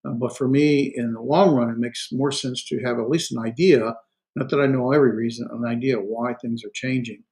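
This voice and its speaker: A man with a middle-pitched voice gives a recorded classroom lecture on grammar. His talk is loose and full of "uh" and self-corrections. He slows down sharply when he sounds out example words one syllable at a time. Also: steady tone, a little mellow, poor audio. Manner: frequent fillers and self-corrections, explanatory. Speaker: Hebrew instructor.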